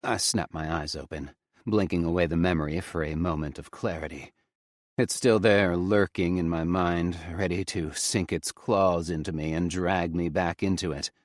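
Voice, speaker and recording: A male audiobook narrator reading a first-person story in a grave, measured manner on a close studio mic. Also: sits low, fairly even intonation, no echo.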